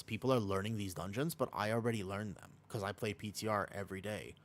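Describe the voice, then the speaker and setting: A man's voice: lowish voice, fairly even intonation, fast, slight background noise. Chatty male streamer with a sore throat. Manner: rambling, self-correcting, chatty. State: sore throat, slightly sick. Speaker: game streamer. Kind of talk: casual livestream chat while gaming.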